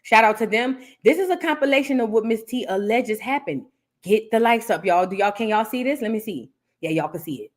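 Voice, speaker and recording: A woman's voice: fairly high pitch, animated, fairly quick. Chatty New woman hosting gossip talk. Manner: chatty, talks straight to viewers. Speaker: host of a celebrity gossip reaction show. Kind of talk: casual commentary.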